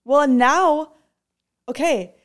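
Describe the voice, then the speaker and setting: A woman co-hosting a podcast in casual chat, expressive with dramatic reactions. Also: sits high, slow pace. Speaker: podcast co-host.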